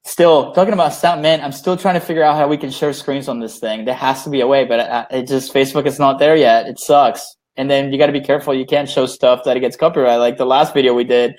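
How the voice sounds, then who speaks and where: A man's voice: mid-range voice, fairly even intonation, quick pace, few pauses, a little mellow. A man co-hosting a podcast in casual chat, bantering loosely and joking. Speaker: podcast co-host.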